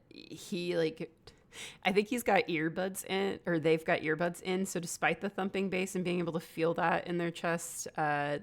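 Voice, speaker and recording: Acting as game master for a tabletop role-playing game, a woman with a lowish, gravelly voice explains the rules in a chatty, easygoing way, thinking out loud as she goes.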